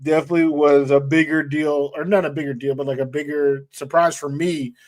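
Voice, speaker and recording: A man's voice: on the high side, flat delivery, brisk, a little mellow. A male co-host in casual sports chat, laid-back and hedging with lots of fillers.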